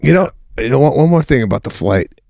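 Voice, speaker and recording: A man's voice: mid-range voice, expressive, fast talker, creaky, a little mellow, dry recording. A man with an ordinary mid-range voice, chatting casually on a comedy podcast. He rambles through his stories, restarting his sentences and swearing freely. The recording is dry and close-miked. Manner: loose, rambling anecdotes with frequent restarts and swearing. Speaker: podcast co-host.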